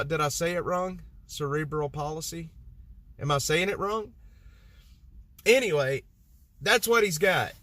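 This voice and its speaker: A man's voice: fairly high pitch, fairly bright tone. A man from Texas, chatting casually to his live-stream audience, rambling and poking fun at himself. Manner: rambling, self-mocking, talks to chat. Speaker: livestreamer.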